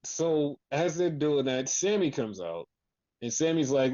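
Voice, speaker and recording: A man rattles through a wrestling recap in loose, profane podcast chat, jumping into quick impressions of what the wrestlers said. His voice sits a little high. The sound is dry and slightly muffled, with no room echo. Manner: animated, profane, acts out wrestlers' lines. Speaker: podcast co-host.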